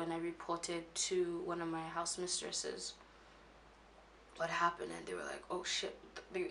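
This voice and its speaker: Low gravelly-voiced woman recounting haltingly. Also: fairly bright tone, slight background noise. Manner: halting, with many restarts and fillers. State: emotional, shaken when recalling. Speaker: vlogger. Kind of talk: personal confessional story.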